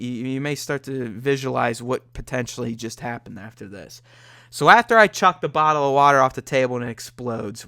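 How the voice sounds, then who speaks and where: A man's voice: on the high side, sharp tone, clean tone, dry recording, studio quality. A young man hosting a podcast, telling a candid, profane story about himself and acting out his own reactions. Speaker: podcast host. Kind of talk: solo confessional podcast monologue.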